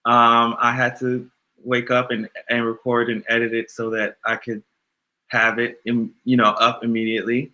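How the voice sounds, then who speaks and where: A man hosting a casual livestream, animated and exasperated, swearing freely and answering his chat. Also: mid-range voice, moderate pace. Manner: animated, exasperated, profane, talks back to chat. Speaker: YouTube livestream host.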